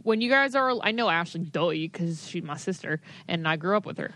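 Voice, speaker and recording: A woman's voice: on the low side, animated, a little fast, fairly bright tone. Blunt, casual woman co-host. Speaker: podcast co-host, hairstylist. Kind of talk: casual chat.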